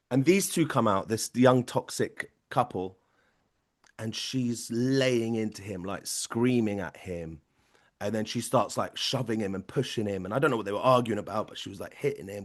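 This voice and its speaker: A man's voice: medium pitch, normal speed, a bit bright. A man, a podcast producer, telling a long rambling story in casual chat and tagging lines with questions. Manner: rambling anecdote with frequent tag questions.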